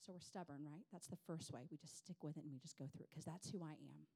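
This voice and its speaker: A woman, telling personal stories in an animated, self-deprecating way to a women's gathering. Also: sits low, fast talker, husky. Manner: animated, self-deprecating, chatty with many fillers. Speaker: women's ministry speaker. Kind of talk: personal storytelling talk.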